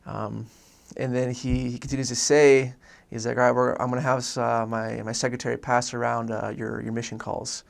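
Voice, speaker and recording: A man's voice: medium pitch, level tone, normal speed, gravelly, few pauses. A young man from Oregon telling his personal faith story in a casual, earnest way, rambling with many restarts and fillers. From Oregon, USA. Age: young adult.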